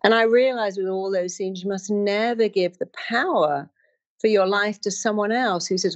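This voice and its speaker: A woman's voice: medium pitch, normal speed, highs cut off. A woman speaking as a therapist, telling personal stories and acting out the voices of the people in them. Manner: storytelling, acts out quoted voices. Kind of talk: motivational talk with personal stories.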